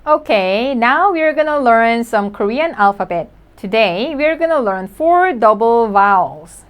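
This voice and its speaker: Woman, language teacher, slightly high voice. Patient, repeats each word slowly so learners can follow. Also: animated, clear, resonant tone, lo-fi sound. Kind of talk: language lesson.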